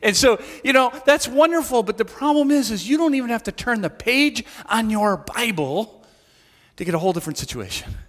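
A man preaching an Easter sermon as pastor, in a conversational, animated storytelling manner that acts out the people in his story. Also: very high voice, a little fast, in a large hall. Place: church.

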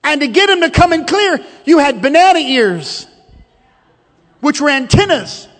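Man, pastor, high voice, storytelling sermon, long echo in a church hall. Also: very animated, a little slow, fairly bright tone. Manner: storytelling, joking, calls out to the congregation. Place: church sanctuary.

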